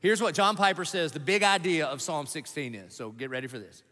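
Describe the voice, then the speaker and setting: Male pastor, high voice, emphatic sermon full of rhetorical questions, long reverb of a big church hall. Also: a little fast, sharp tone.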